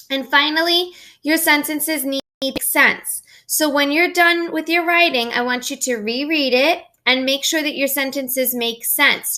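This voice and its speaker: A woman's voice: high-pitched, bright, forceful tone. A middle-aged woman teacher giving a recorded writing lesson to young pupils, explaining patiently step by step.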